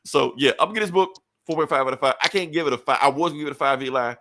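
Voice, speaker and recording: A man co-hosting a podcast, recapping a comic book in a casual, profane, animated way. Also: fairly high pitch, very fast, slight background noise. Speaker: podcast co-host.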